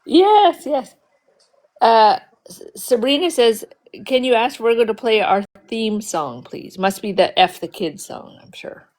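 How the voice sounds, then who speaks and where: A woman's voice: fairly high pitch, measured pace. A woman from the US, chatting casually in a rambling way, full of asides and restarts. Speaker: guest in a live chat. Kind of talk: casual chat.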